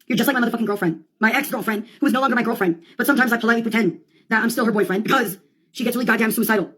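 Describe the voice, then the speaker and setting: A woman delivering a rambling, profane comic monologue full of deadpan asides. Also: on the high side, racing, husky. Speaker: comedian.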